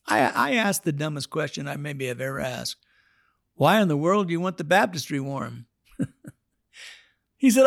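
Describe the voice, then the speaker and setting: A man preaching through a story, voicing each person he quotes. His voice sits a bit high, and the sound is dry and close, with no room around it. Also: moderate pace, creaky, pauses often, no echo. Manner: animated storytelling, acting out the people he quotes. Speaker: pastor. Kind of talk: storytelling sermon.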